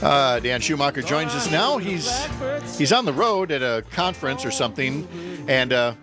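A man's voice: medium pitch, lively intonation, moderate pace, loud music behind the voice. Joking man hosting a radio chat. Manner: joking, stumbling restarts. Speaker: radio host. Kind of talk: casual radio interview.

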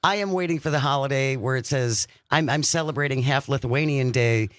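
A man with a medium-pitched, fairly bright voice hosts a radio talk show, chatting in an upbeat, casual way. Recorded dry on a studio microphone, he reads out a phone number slowly.

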